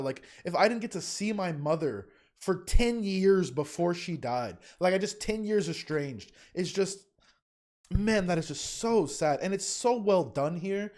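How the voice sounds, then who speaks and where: A young man, a teacher, giving casual, emotional fan commentary in a reaction video, often halting and restarting. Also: sits high, lively intonation, a little mellow.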